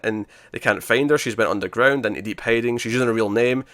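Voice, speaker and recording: A man's voice: medium pitch, fast, fairly bright tone, dry recording, clean studio sound. A man hosting a podcast, chatting casually and animatedly as he recaps TV episodes, laughing often. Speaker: podcast host.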